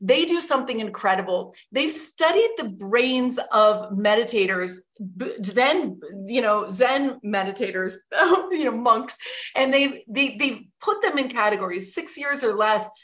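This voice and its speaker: A woman's voice: on the high side, animated, unhurried, fairly bright tone. A young adult woman hosting a livestream, talking in a chatty, enthusiastic way with many fillers and asides. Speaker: host. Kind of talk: casual livestream talk.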